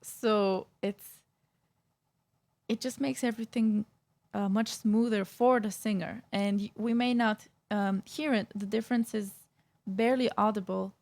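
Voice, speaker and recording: Gravelly-voiced woman vocal coach. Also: mid-range voice, fairly even intonation, unhurried, darkish tone. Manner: explanatory, with many fillers and restarts. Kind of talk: reaction video commentary.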